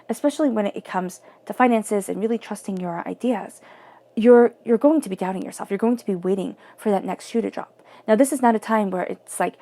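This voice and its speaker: A woman's voice: mid-range voice, mellow. A woman giving a spoken tarot reading in a flowing, searching way, often repeating and rephrasing her words. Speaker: tarot reader.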